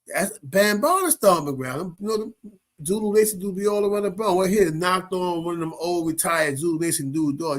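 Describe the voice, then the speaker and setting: Reacting to viral clips, a show host gives casual, slangy commentary, laughing often and asking "you know what I mean." He has a high-pitched voice and talks at a normal speed.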